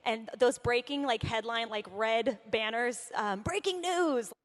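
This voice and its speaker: Young woman, upbeat stage speaker, higher voice, long hall reverb. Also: fairly even intonation, a little slow. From Southern California. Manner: chatty, upbeat, laughs often. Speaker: conference speaker. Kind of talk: lively stage talk.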